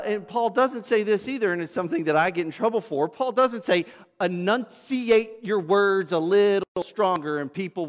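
A man preaching a sermon to his congregation in a conversational, storytelling way, with asides to people in the room. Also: high voice. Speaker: pastor. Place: church sanctuary. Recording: long reverb of a church hall.

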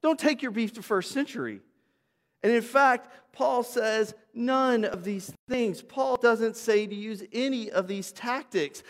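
A man's voice: very high voice, measured pace. A man preaching a sermon to his congregation in a conversational, storytelling way, with asides to people in the room. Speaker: pastor. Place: church sanctuary. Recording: long reverb of a church hall.

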